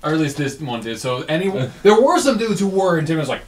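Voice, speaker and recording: Brief: laid-back man narrating as game master, profane, slightly higher voice, heard from across an echoey room. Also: big pitch swings, fast, few pauses, a little hiss or hum. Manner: casual, profane, rambling. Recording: echoey room, far from mic.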